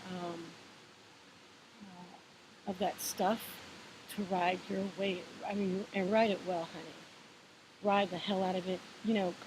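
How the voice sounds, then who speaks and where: Speaking from home, a vlogger gives an unhurried, reflective talk on spiritual balance, encouraging and wandering, with plenty of fillers, restarts and self-corrections. Her pitch is middling, and a clear, constant hiss sits beneath the entire recording.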